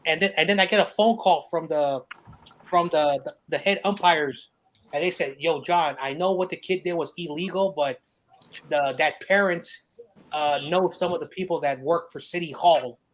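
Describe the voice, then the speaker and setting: A man hosting a casual chat, telling stories in an animated, profane way and laughing often. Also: on the high side, moderate pace, low-quality recording. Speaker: podcast host.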